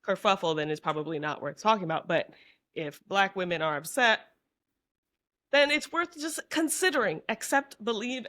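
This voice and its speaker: A woman guest in a casual podcast conversation, with a voice of middle pitch. She lays out her points earnestly in long sentences that run into one another. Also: fairly bright tone.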